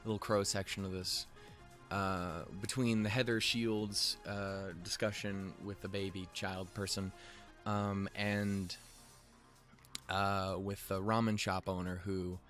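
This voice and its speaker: A man with a somewhat low voice talks through an episode in a loose, rambling recap. He restarts his sentences often and swears offhand. Soft music plays faintly underneath. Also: level tone, slow pace. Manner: rambling, lots of fillers and restarts, swears casually. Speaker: show reviewer.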